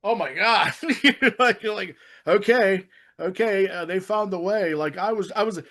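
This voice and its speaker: A man co-hosting a casual film-discussion podcast, rambling and excitable, swearing often and restarting his sentences. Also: high-pitched, moderate pace. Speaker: podcast co-host.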